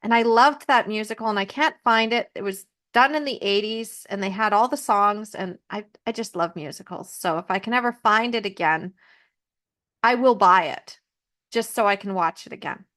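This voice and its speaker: A woman hosting a podcast, retelling a fairy tale in a chatty, animated way with personal asides. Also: medium pitch, moderate pace. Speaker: podcast host. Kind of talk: casual storytelling.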